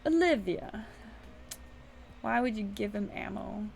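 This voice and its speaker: A woman streamer talks with her viewers in a slow, unhurried way, and a gravelly fry runs through her rather high voice. She moves back and forth between loose chat and reading game story text aloud, with a faint hiss behind her.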